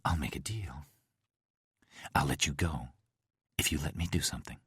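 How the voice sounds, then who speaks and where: A man voicing a soft-spoken, menacing male killer who talks in slow, whispery, cooing tones. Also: rumbling low, husky, no echo, clean studio sound, heavily acted. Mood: coaxing.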